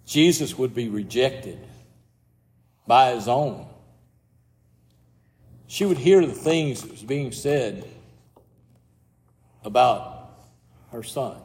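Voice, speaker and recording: A man preaching a sermon as pastor, slow and reflective, sometimes dropping almost to a whisper. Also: mid-range voice, animated, a little mellow, long reverb tail.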